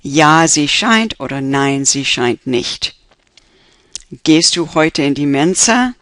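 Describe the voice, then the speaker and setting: A man's voice: on the high side, expressive, slow, sharp tone, no echo. A man teaching an introductory German class over slides, patiently explaining each point step by step and repeating the examples.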